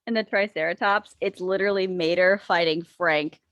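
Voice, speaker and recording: A woman chatting casually on a podcast panel, giggling often, teasing the others and pitching ideas eagerly. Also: steady tone, slow, fairly bright tone, no echo, clean studio sound. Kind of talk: casual chat.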